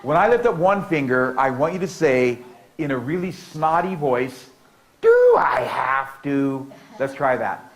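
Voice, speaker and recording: This middle-aged man from the US has a fairly high, lively voice and a moderate pace, heard on a poor recording with slight hiss or hum. Telling a story at a conference, he leans on rhythmic repetition and playfully prompts the crowd to answer back.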